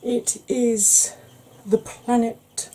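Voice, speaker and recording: A woman's voice: on the high side, little pitch movement, drawn-out words, mellow, slightly rough. A woman hosting a makeup channel, chatting casually through a tutorial with rambling, self-deprecating asides.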